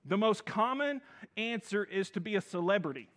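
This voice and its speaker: A man preaching a sermon as a minister in a church, energetic, calling out to the congregation and often repeating and restarting his phrases. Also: high-pitched, moderate pace. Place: church sanctuary.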